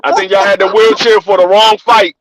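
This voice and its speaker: A man co-hosting a podcast, talking boxing in animated, profane casual chat and repeating his punchlines. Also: sits high, brisk, rough recording. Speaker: podcast co-host.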